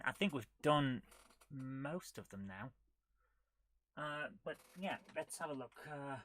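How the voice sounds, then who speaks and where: A woman's voice: very deep voice, pushed and bright. A woman hosting a casual retro gaming live stream, chatting and muttering to herself as she clicks through menus. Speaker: retro gaming show host.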